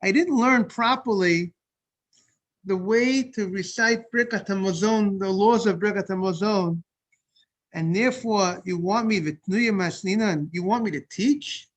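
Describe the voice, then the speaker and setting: A rabbi leads a Talmud class in a noticeably high voice. He explains things step by step and circles back over his own phrases. Now and then he pauses to greet latecomers by name before he carries on. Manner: breaks off to greet people joining. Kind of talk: Talmud study lesson.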